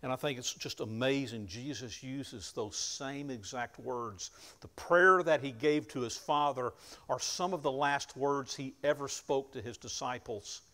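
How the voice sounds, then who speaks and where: A man preaching a sermon, retelling scripture in plain conversational words and rising to loud emphasis at key moments. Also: mid-range voice, measured pace. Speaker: pastor.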